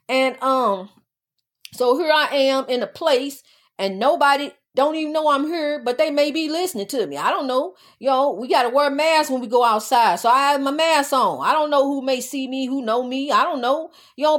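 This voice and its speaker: A middle-aged woman with a high voice hosts her own podcast. She talks in a casual, emphatic and preachy way, circling back to the same points again and again. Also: a bit bright. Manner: emphatic, preachy, repeats itself. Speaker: podcast host. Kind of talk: casual spiritual talk.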